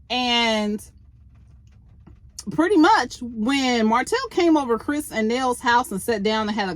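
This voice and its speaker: Recorded dry, a woman with a medium-pitched voice comments bluntly on a reality show. Her opinions come out in a casual, fed-up way, and she speaks straight to the people on the show.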